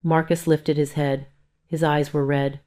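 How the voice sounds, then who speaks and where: A woman's voice: low-pitched, flat delivery, a little slow, warm tone. A woman telling a dramatic first-person story in a stern, cold manner. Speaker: narrator.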